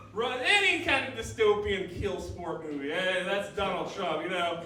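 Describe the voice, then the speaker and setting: High, bright young comedian in an echoey room. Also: male voice, animated, measured pace, a little hiss or hum. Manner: rambling, self-mocking, laughs at his own jokes. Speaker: stand-up comedian. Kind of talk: stand-up comedy set. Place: small coffeehouse. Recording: echoey room, mic far off.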